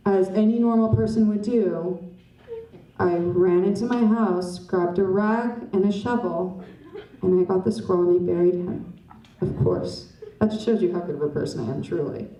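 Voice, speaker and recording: Heard from a distance in roomy club acoustics, a young female stand-up comic speaks at a moderate pace with a medium-pitched, dark tone. She rambles on stage, self-mocking as she banters with the crowd.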